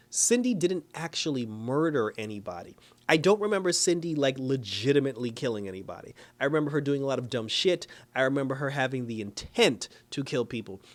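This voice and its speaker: A young man giving a casual, animated review of a TV episode, retelling scenes by quoting the characters and laughing often. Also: medium pitch. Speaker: TV show reviewer. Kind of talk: casual spoken recap and review.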